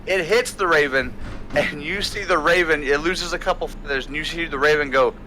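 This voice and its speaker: A man's voice: on the high side, fairly quick, sharp tone, slight background noise. A man narrating a tabletop role-playing game as game master, playful and often laughing.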